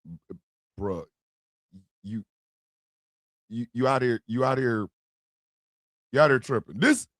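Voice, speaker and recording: A man giving casual, slangy reaction commentary, stammering and breaking into loud outbursts. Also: medium pitch, animated, takes it slowly, pauses often, dry recording. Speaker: streamer and political commentator.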